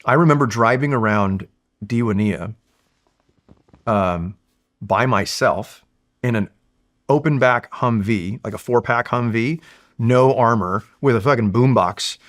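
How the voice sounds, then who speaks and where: A man in his forties, a Marine veteran, telling stories in a casual, candid, animated way with frequent fillers and swearing. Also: on the low side, a little slow. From California. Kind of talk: casual storytelling in a long-form interview.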